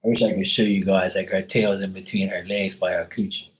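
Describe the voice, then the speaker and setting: A man hosting a casual live stream, cursing freely and joking with viewers, then softly soothing his dog. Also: low-pitched, level tone, fairly quick, slight background noise, rough recording. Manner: loose, profane, teasing banter with viewers. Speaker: live stream host reading chat.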